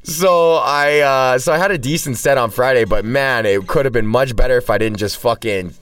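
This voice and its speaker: A man's voice: mid-range voice, moderate pace, fairly bright tone, clear, resonant tone. A man hosting a solo podcast who is also a stand-up comedian, rambling casually with heavy swearing and constant restarts. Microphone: cheap mic, set back from the speaker. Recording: distant, dry sound from a poor mic.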